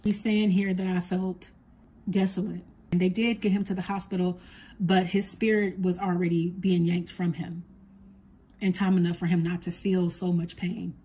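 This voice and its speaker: A woman psychic medium giving a spoken reading to her viewers, talking softly and earnestly as she relays what a spirit tells her. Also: fairly low pitch, flat delivery, moderate pace, husky.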